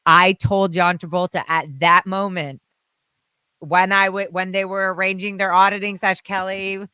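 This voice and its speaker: A woman's voice: medium pitch, flat delivery, moderate pace, pushed and bright, clear, resonant tone, no echo. A woman guest telling long, rambling anecdotes in casual chat, often quoting other people. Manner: rambling, quotes people in their voices.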